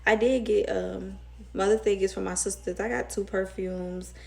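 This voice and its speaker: A woman's voice: medium pitch, steady tone, normal speed, creaky, darkish tone. A young woman with a Southern US accent, rambling emotionally in a casual storytime vlog. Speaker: vlogger.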